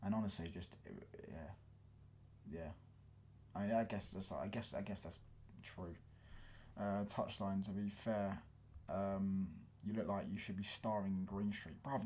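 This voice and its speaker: A man with a London accent hosts a loose, slang-heavy football live stream. His voice sits on the low side and he keeps checking that his listeners follow him. He answers chat comments in a relaxed, rambling way. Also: unhurried, slight background noise. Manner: casual slangy, keeps asking "do you get what I'm saying".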